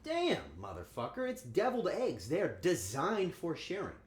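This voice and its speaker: A man's voice: on the high side, huge pitch swings, normal speed. A man streaming casually while cooking at home, joking crudely and talking back to his chat. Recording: echoey room with faint ambience.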